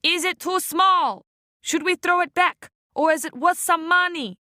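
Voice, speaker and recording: A woman voicing a grown fisherman who has just climbed out of the water, speaking slowly and teasingly. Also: very high-pitched, sharp tone, no echo, studio quality, pitched above the performer's own voice, exaggerated voice. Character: grown man fisherman, dripping wet, rough, mocking.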